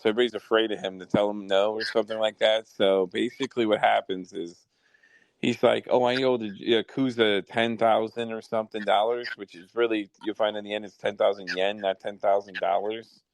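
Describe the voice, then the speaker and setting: A man's voice: on the low side, level tone, brisk, dry recording. A man hosting a podcast, telling stories in profane, rambling casual chat. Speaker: podcast host.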